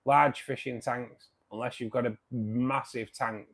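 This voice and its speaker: A man hosting a casual live stream, greeting viewers by name and chatting loosely, his sentences often trailing off softer at the end. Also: medium pitch, steady tone, measured pace. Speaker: livestream host. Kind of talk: casual live chat reading viewer comments.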